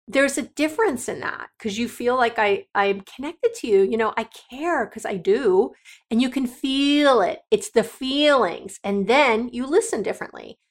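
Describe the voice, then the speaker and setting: A woman's voice: a little high, expressive, moderate pace. A middle-aged woman hosting a solo podcast, talking straight to her listeners in a direct, coaching and emotional way. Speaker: podcast host.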